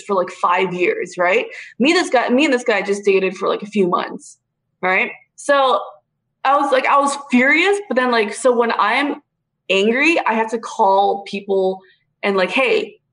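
A young woman in casual chat, telling a story in an animated way, swearing freely and calling her listeners dude and bro. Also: on the high side, a little slow, low-quality recording.

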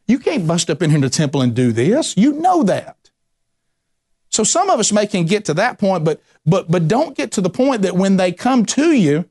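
A man preaching a sermon as a pastor, in an animated style with frequent restarts and rising emphasis. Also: high voice.

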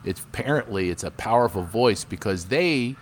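Here the Philadelphia comedian guest has a lowish voice and talks at a normal speed, with slight background noise. He's relaxed in the interview, telling anecdotes animatedly and acting out the voices in them.

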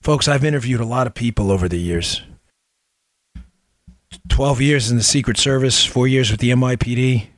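Middle-aged male host, political commentary monologue, emphatic and impassioned, dry close recording, mid-pitched. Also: normal speed, long pauses, no echo. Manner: impassioned, emphatic, fires rhetorical questions. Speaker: podcast host.

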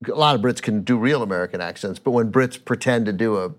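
A man's voice: on the low side, fast. A man co-hosting a casual comedic podcast, emphatic and repeating his phrases as he riffs. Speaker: podcast co-host.

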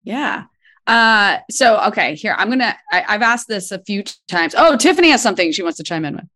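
A woman hosting a casual interview, reacting quickly and enthusiastically to guests. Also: medium pitch, very animated, bright, forceful tone. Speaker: host.

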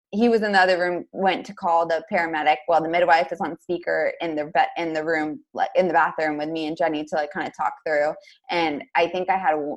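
A young woman recounts a personal story on a podcast in a casual, rambling way. Her voice sits a little low, and she rushes along, stringing thoughts together with constant fillers. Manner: fast, chatty, lots of "like". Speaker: podcast guest.

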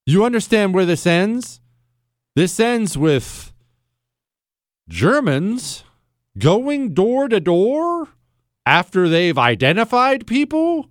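A man's voice: high voice, slow, pauses often, no echo, studio quality. A man hosting a talk radio show, telling stories in a blunt, sardonic monologue. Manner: animated storytelling, blunt and sardonic.

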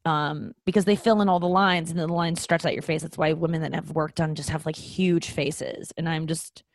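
A woman in her thirties with a lowish voice, talking straight to her listeners in a loose comic monologue. She is frank, self-mocking and profane, full of ums and restarts, and sounds close and dry with no room echo. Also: fairly even intonation, moderate pace. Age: 30s. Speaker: comedian hosting a podcast. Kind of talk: casual comedic monologue.

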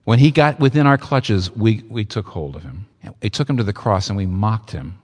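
A man preaching a sermon, emphatic and expressive, with sudden leaps in pitch for emphasis. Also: normal speed, husky, in a large hall. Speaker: pastor.

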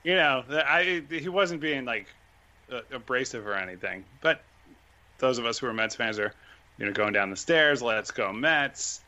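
A man talks casually as a podcast guest, with a bright, forceful tone. He rambles a little, full of fillers and restarts. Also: mid-range voice, moderate pace. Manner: chatty, self-deprecating, many fillers and restarts.

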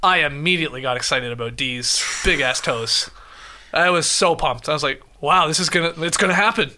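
A man's voice: a little high, a little fast, a little hiss or hum. A man co-hosting a podcast, recapping a TV episode in casual chat and laughing often as he retells scenes. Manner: laughs often, animated retelling with quoted voices. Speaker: podcast co-host.

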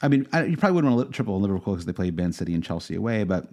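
A man's voice: lowish voice, very animated, racing, a little mellow. A man co-hosting a podcast in casual chat, rambling and hesitant, with many fillers and restarts. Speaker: podcast co-host.

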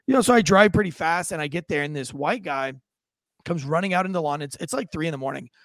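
A man's voice: on the high side, quick pace, a bit bright, no echo, clean studio sound. A man co-hosting a podcast, telling a story casually and animatedly, acting out quotes with lots of fillers. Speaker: podcast co-host, former police officer.

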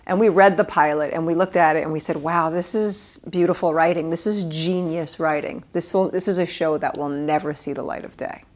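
A woman's voice: sits low, steady tone, fairly quick, few pauses. A middle-aged woman from New York, a guest actress telling stories at home in a casual interview, swearing freely and laughing mid-story.

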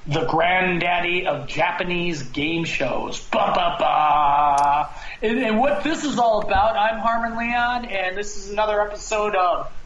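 A man's voice: high-pitched, sharp tone, reverberant, highs cut off, a little hiss or hum. A man hosting a podcast in casual chat, rambling and restarting his sentences often. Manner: rambling, halting with many restarts. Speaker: podcast host.

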